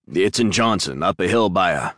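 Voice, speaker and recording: Audiobook: retired male detective, clipped and urgent, deep, as voiced by the narrator. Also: animated, moderate pace, a bit bright, dry recording, studio quality. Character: frantic retired male detective, worried father.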